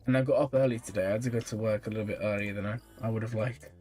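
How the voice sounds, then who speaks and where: Over faint music, this tired streamer races along in a lowish voice while he checks out viewers' game accounts. It's a casual live stream where he fields questions, reading chat aloud and replying with small, easy laughs.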